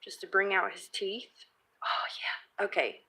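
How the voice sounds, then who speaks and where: A woman's voice: medium pitch, fairly even intonation, a little slow, creaky, bright, forceful tone, husky, in a whisper. A woman crafting vlogger chatting casually as she works and thinks aloud, reading viewer comments. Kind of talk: casual live-stream crafting chat.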